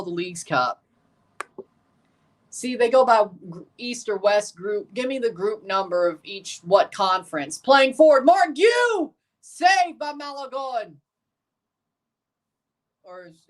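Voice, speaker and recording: Woman host, lowish voice, opinionated running match reactions, mic set back a bit. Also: recorded from a distance. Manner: chatty, opinionated, reacts aloud to plays and rants. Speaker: livestream host. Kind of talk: live watchalong reaction commentary.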